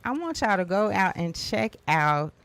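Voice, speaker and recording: A woman's voice: medium pitch, sing-song, measured pace, gravelly, fairly bright tone. Female co-host, assertive, upbeat, mid-range voice. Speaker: co-host, coach. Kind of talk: live talk show discussion.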